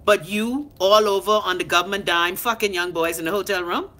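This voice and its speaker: She has a mid-range voice and talks a little fast. A live-stream host in her thirties with a Bahamian accent, she answers viewers' comments in a crude, blunt, lively rant, arguing back with them without any filter.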